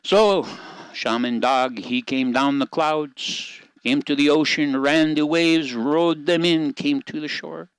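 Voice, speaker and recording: An older man telling a story aloud in a slow, gentle, measured way. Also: on the high side, steady tone, clear, resonant tone, no room sound, poor audio.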